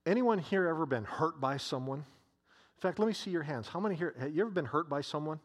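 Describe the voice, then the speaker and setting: A man's voice: on the high side, animated, fairly quick. A man preaching a sermon to a congregation in a church, emphatic and repeating his key phrases.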